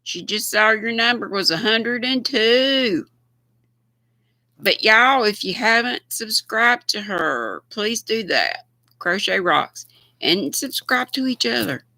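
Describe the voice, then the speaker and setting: A woman's voice: fairly high pitch, expressive, takes it slowly, sharp tone, dry recording. An older woman with a Southern US accent, chatting casually and folksily with viewers on her livestream, often laughing. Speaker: livestream host.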